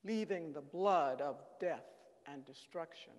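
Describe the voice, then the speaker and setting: Man, high voice, slow and grave, solemn church reading, long hall reverb. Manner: grave, deliberate, stressing key words. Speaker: reader at a Good Friday service.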